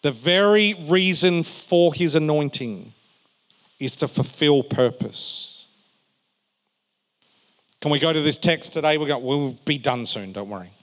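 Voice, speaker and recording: Man preaching with lively, emphatic swings. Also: on the high side, measured pace, pauses often. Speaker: pastor. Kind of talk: sermon. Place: church hall. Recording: long reverb of a large hall.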